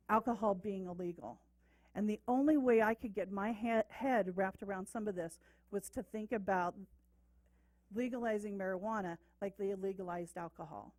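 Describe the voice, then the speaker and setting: A woman's voice: medium pitch, mellow, no echo, rough recording. Emphatic middle-aged woman at a council dais. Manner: emphatic, insistent, repeats points for force. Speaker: city council member. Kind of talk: speech at a council meeting. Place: council chamber, seated at the dais.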